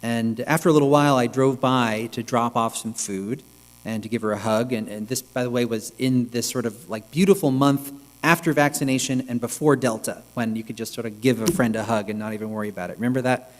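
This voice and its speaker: A man's voice: mid-range voice, steady tone. Reflective male rabbi in a reverberant sanctuary. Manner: reflective, measured, with pauses. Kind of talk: sermon. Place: synagogue sanctuary. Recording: long reverb with mains hum.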